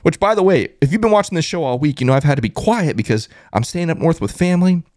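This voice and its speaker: A man hosting a hyped postgame live stream, reading chat aloud and shouting with excitement. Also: a little high, fast, no echo, clean studio sound. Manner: excited, loud, shouting catchphrases. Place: closet at a family home.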